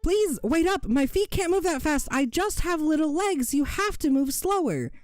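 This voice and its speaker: Game master putting on a high breathless goblin woman. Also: expressive, moderate pace, dry recording, faint music behind. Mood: pleading. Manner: breathless, fretful and eager to welcome. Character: small fussy goblin woman gardener.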